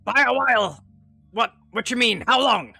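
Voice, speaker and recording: A man playing a rambling necromancer, gravelly and shrill. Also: animated, pushed and bright, faint music behind, exaggerated voice. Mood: puzzled. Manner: halting, rambling with ums. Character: odd, rambling male necromancer.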